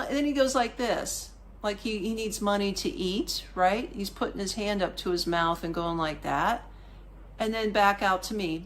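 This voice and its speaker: A woman hosting a podcast, telling a travel story in a casual, animated, colloquial way with frequent asides to the listener. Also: medium pitch, normal speed, slight background noise. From United States. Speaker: podcast host.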